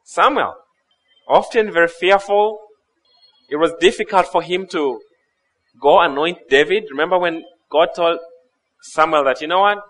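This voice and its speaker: A man preaching a sermon, retelling scripture stories with lively acted-out dialogue and occasional laughs at his own retellings. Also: a little high, measured pace, long pauses, poor audio. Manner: animated storytelling, acting out dialogue.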